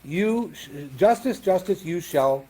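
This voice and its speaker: This rabbi teaches Talmud by explaining texts one step at a time and making sure his students follow, mixing Hebrew and Aramaic into everyday language. His voice is mellow, husky, and somewhat high for a man, expressive and a little slow.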